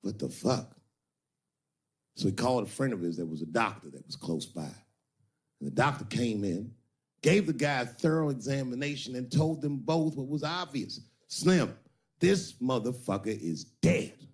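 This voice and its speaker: A man performing stand-up comedy onstage before a live audience, animated and swinging between loud and hushed delivery. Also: medium pitch, brisk.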